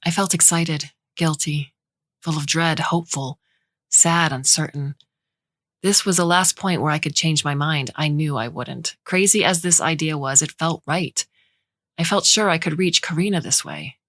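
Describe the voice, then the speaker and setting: A woman reading a short story aloud in a measured, intimate way. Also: low-pitched, fairly bright tone, no room sound. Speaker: story reader. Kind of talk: scripted narration.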